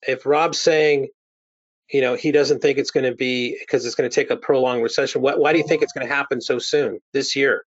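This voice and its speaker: A man chats casually as co-host, with loose phrasing and frequent fillers. His voice is at a middling pitch. The sound is muffled and lo-fi. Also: steady tone, a little fast. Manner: loose, rambling, with many fillers. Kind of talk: casual panel chat.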